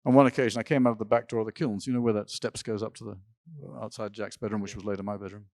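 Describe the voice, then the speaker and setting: Older guy telling old family stories, low voice, dry close sound, laughs a bit. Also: fairly even intonation, very fast, a little mellow, dry recording. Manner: rambling anecdotes with laughs and restarts. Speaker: interview guest. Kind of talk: storytelling in an interview. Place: symposium stage.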